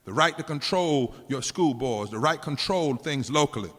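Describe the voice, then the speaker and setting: A man's voice: mid-range voice, expressive, moderate pace. A man impersonating a bombastic 1960s rally politician. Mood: fiery, rousing. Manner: loud rally-speech bombast. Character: fiery 1960s segregationist politician stumping at a rally. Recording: long hall reverb.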